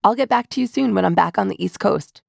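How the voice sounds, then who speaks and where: A woman narrates a business podcast in a measured, scripted way. Her voice carries a heavy creak and sounds dry and close to the mic. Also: medium pitch, no echo. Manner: measured, polished delivery.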